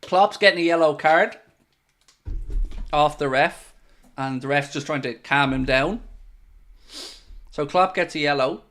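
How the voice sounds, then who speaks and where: Excitable man with a high voice streaming a match. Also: measured pace, pauses often. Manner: excitable, swings between chatty asides and loud bursts at goals; reads out and answers viewer messages. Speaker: streamer hosting a football watchalong. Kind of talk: live casual commentary and chat.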